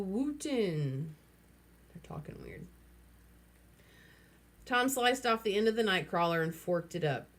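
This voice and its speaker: A woman reading a children's novel aloud, lively and throwing in wry asides. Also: lowish voice. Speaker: reader.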